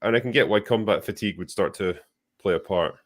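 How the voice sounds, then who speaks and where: A man in a casual panel discussion who speaks in a relaxed way. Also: on the low side, quick pace. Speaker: panel guest.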